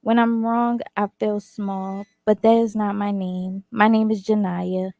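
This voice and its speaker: A young woman reading her own spoken word poem in a measured recited cadence. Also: mid-range voice, flat delivery, gravelly, dark tone, no room sound. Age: young adult.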